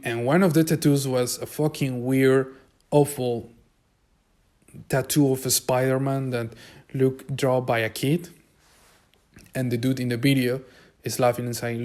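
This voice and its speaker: A man's voice: medium pitch, a little mellow. Rambling male podcast host telling a story. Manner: rambling, swearing, many restarts. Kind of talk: casual storytelling.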